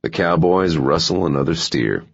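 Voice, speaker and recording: A man voicing a gravelly-voiced Southern American gunman speaking curtly over a radio in an audiobook thriller. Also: extremely low pitch, lively intonation, normal speed, highs cut off, heavily acted. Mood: satisfied. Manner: terse radio talk.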